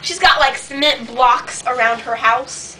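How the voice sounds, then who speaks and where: A woman's voice: sits high, unhurried. A woman improvising a silly comic story in a rambling, giggly, chatty way. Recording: distant mic, noisy home video.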